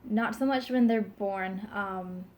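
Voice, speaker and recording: She's a pregnant vlogger in her twenties, speaking slowly in a slightly mellow medium-pitched voice. Her casual to-camera chat rambles along with many fillers, giggles and the odd burp.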